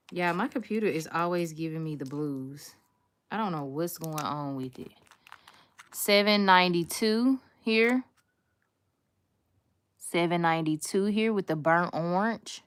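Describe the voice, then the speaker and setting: A woman talks her viewers through a nail tutorial. Her voice sits a touch low. She is sassy and chatty and throws slang at her audience as she works. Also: clear, resonant tone. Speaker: nail content creator. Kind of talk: casual nail tutorial chat.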